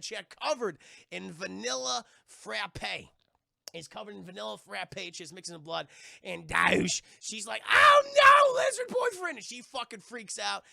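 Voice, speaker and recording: A man's voice: high voice, gravelly, pushed and bright, no echo, clean studio sound. A young man giving a rambling, profane spoiler recap of a TV episode to his live chat. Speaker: TV review streamer.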